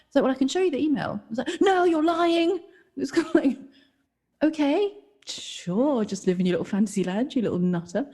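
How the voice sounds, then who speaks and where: A woman co-hosting a podcast, telling animated stories in casual chat and laughing often. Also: fairly high pitch, fast talker, slightly rough. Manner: animated storytelling, laughs often, acts out quoted voices. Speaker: podcast co-host.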